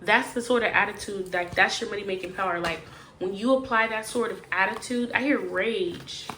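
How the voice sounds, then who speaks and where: A woman's voice: mid-range voice, moderate pace, pushed and bright, slight background noise. Chatty woman giving a tarot reading. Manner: chatty, emphatic, with slangy asides. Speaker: tarot reader. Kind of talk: casual tarot reading to camera.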